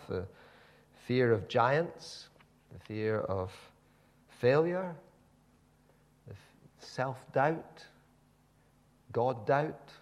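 A man's voice: medium pitch, vocal fry. A man preaching a sermon, telling the story animatedly with many repeated words and restarts.

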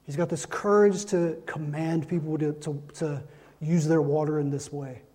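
A man's voice: fairly high pitch, fairly even intonation, moderate pace, mellow. A man preaching a sermon, emphatic and repeating lines to drive his points home. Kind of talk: sermon with Bible reading.

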